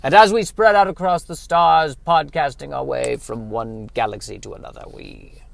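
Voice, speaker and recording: A man voicing an ancient, grandiose female mother superior, speaking solemnly and theatrically with sweeping pauses in a comedic improvised sketch. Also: fairly high pitch, vocal fry.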